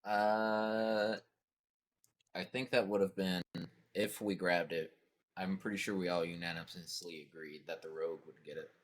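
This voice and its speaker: Low-voiced man thinking aloud. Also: fairly even intonation, normal speed. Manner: thinks out loud, hedging. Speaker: player. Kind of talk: casual game table chat.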